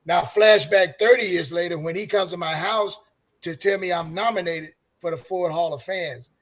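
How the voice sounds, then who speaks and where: A man's voice: high-pitched, moderate pace, a bit bright. An older man, a longtime super fan, telling earnest stories on a fan roundtable and giving life advice. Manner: earnest, preachy, gives advice. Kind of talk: casual storytelling.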